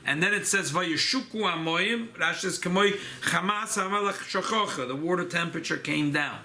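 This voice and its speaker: A man teaching an informal Torah class as a rabbi, animated and emphatic. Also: brisk. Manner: animated, rising pitch on emphasis, Yiddish and Hebrew terms mixed in.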